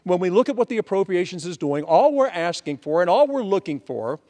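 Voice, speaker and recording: A congressman delivers an emphatic floor speech, his voice sitting high for a man. He drives points home with repeated lists. The long reverb of a large legislative chamber trails every phrase. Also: sing-song, fairly quick, a little mellow. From Pennsylvania.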